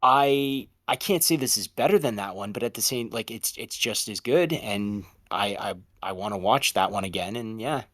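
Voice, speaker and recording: Low voiced guy cohosting a movie podcast, playful and chatty, super dry mic. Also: animated, moderate pace, few pauses, a bit bright, dry recording. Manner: chatty, playful, breaks into impressions. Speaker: podcast co-host. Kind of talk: casual film discussion.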